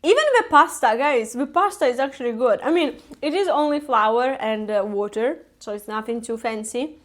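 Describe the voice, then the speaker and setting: A woman's voice: on the high side, animated, normal speed, a bit bright. A woman chatting casually and giggling often as she cooks live on a stream. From Italy. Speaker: cooking streamer. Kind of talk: casual live-stream chat while cooking. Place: home kitchen.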